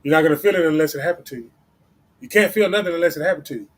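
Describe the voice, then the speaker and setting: A man's voice: a little high, rapid-fire. A man hosting a livestream, giving casual motivational talk in a blunt, profane, repetitive way. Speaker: livestream host.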